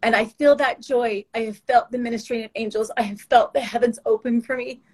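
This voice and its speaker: A woman giving a heartfelt, earnest faith testimony, emotional and halting with restarts. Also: on the high side, steady tone, poor audio. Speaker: guest sharing faith testimony.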